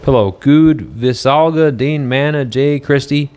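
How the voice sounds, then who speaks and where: A man chatting casually on a livestream from a motel room, rambling and halting as he reads viewer comments aloud. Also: medium pitch, darkish tone, clear, resonant tone.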